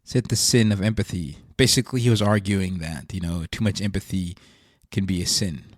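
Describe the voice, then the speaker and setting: Earnest man, low voice. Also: no room sound, clean studio sound. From South Africa. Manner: earnest, searching, thinks aloud. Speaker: podcast host. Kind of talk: reflective faith monologue.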